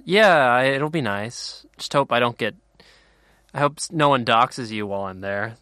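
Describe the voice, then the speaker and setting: A man chatting on a podcast, dropping wry, deadpan jokes. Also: mid-range voice, moderate pace, no echo, clean studio sound. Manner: wry, joking deadpan asides. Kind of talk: casual podcast chat.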